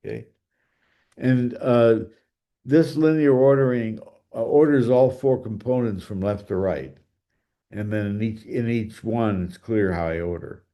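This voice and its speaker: A man's voice: fairly low pitch, a little slow, dull audio. A man giving a math lecture, thinking aloud with fillers and restarts and drifting away from the mic now and then.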